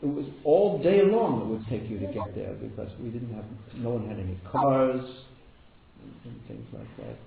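A man's voice: medium pitch, big pitch swings, normal speed, creaky, a crowd in the background. A man giving a devotional talk, telling stories and often repeating words for emphasis. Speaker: spiritual teacher. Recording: echoey room over a tinny phone-like line with background noise.

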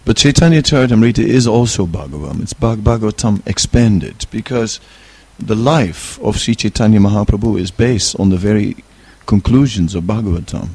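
Relaxed, gravelly, low-voiced man. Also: normal speed, hardly any pauses. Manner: relaxed, hesitant, chuckles while telling stories. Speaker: spiritual teacher. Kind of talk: informal talk with a personal story.

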